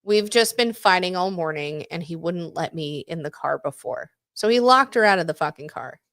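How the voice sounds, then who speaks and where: A woman's voice: fairly low pitch, lively intonation, moderate pace, fairly bright tone, dry recording, studio quality. A woman in her forties co-hosting a podcast, chatting candidly, swearing freely and laughing often. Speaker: podcast co-host. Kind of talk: casual chat.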